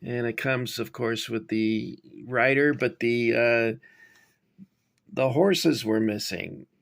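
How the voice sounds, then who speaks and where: A middle-aged man casually showing his toy figures and rambling off on tangents with many pauses. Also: medium pitch, creaky. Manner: rambling, digressive, many fillers. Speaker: toy collector reviewing figures. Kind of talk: casual show-and-tell.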